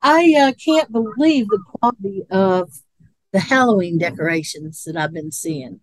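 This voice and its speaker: A woman's voice: mid-range voice, expressive, moderate pace, dry recording. A woman co-hosting a podcast in casual chat, rambling and laughing a lot. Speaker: podcast co-host.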